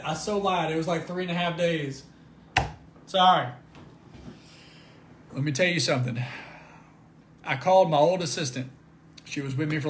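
A man giving an informal Bible study talk, animated, often repeating words and rising to near shouts at high points. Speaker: Christian video preacher.

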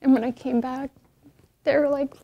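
A woman's voice: high voice, little pitch movement, moderate pace, gravelly, dull audio. A woman telling a heartfelt story in a documentary interview.

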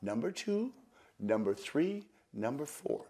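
An older man, a magician, telling stories and walking through a card trick, lively and repeating words. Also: medium pitch, slow pace, breathy edge. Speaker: magician, interview guest. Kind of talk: storytelling and card demonstration.

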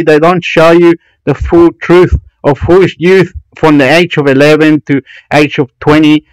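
A man's voice: on the high side, flat delivery, a little slow, few pauses, no room sound, poor audio. A man from Chile, a channel host who rambles through websites in a profane, rambling commentary full of restarts and swearing. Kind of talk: ranting commentary while browsing websites.

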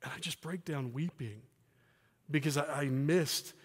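A middle-aged man preaches from a church stage, his voice sitting a little high for a man. He speaks in an earnest, candid way, slipping in soft self-deprecating laughs. The sound carries a long reverb from the church hall around him. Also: a little slow, husky. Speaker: guest preacher. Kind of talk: sermon with personal testimony.

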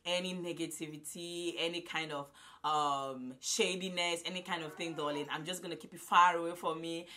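A woman in her twenties vlogging loudly and effusively to a phone camera, repeating herself often. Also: on the low side, steady tone, moderate pace. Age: 20s. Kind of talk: casual vlog to camera.

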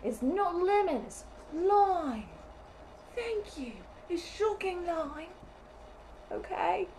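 A high-voiced, melodramatic TV shopping hostess, put on by a woman, who says everything over and over at a slow, deliberate pace. Faint room noise sits under the voice. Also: animated, darkish tone, rough recording. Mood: irritated. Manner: repetitive, overwrought, melodramatic. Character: pushy female TV sales host with phony accent. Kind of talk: comic sketch.

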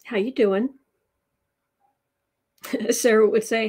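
A woman giving a casual livestreamed tarot reading, drawing her words out and dropping into soft, near-whispered asides. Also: mid-range voice, slow pace. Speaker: tarot reader.

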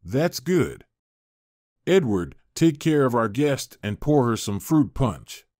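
A man reading the lines of a kindly, fussing middle-aged mother in a storybook narration, with a brisk, kindly manner. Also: mid-range voice, very animated, darkish tone, no echo, studio quality. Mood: bustling.

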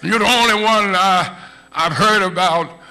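Man preaching, hushed to shouting. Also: high voice, faint music behind. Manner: swings from hushed, slow storytelling to shouted crescendos; speaks to a pastor beside him in role-play. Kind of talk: Palm Sunday sermon. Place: church sanctuary.

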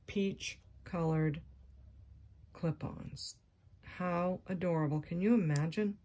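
Soft-spoken woman gushing over jewelry. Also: low-pitched. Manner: gushing, excited exclamations. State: scratchy voice. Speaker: jewelry haul vlogger. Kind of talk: casual show-and-tell chat.

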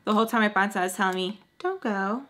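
A woman's voice: medium pitch, level tone, very fast, bright, forceful tone. A young woman vlogger telling a dramatic story while doing her makeup. She swears freely, drops Spanish words into her English and acts out the voices of the people in her story. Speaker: beauty vlogger.

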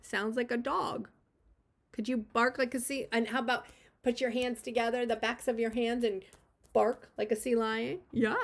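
A woman who teaches preschool, reading a picture book aloud to young children and gently encouraging them to join in. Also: a little high, level tone, moderate pace.

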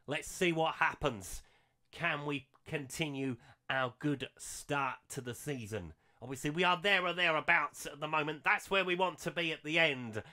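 A man commentating on a football management game he is playing, chatty and animated, with asides to his viewers. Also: medium pitch. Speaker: gaming commentator.

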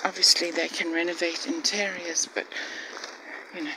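A woman's voice: fairly low pitch, level tone, normal speed. Casting: older woman narrating a walking tour, handheld phone outdoors, heavy noise. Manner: chatty, admiring, often drops to a hushed voice. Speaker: vlogger. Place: outdoors in a village street. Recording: loud background noise.

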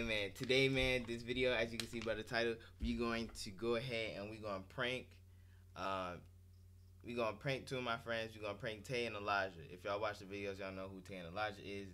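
Hyped young man with a bright voice. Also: fairly low pitch, fairly even intonation, brisk. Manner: hyped, slangy, profane. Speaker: gaming YouTuber. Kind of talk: energetic vlog intro.

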